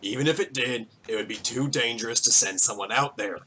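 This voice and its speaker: A man voicing a gruff, weary older male half-elf mayor at a town meeting. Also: mid-range voice, fairly quick, pushed and bright, slight background noise, voice pushed down, lightly acted, poor audio. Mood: stern.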